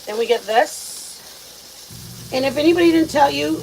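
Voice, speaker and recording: An excitable, chatty woman talks her viewers through a recipe at a mid-range pitch. She cooks in a home kitchen, and loud frying and sizzling run under her voice. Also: moderate pace, background noise. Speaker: home cooking vlogger. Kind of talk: casual cooking chat.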